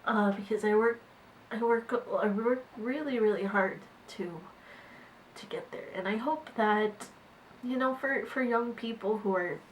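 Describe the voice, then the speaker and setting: A woman managing artists, talking haltingly to her camera in a casual vlog with many fillers and restarts. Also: on the high side, slight background noise, poor audio. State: tearful, voice catching.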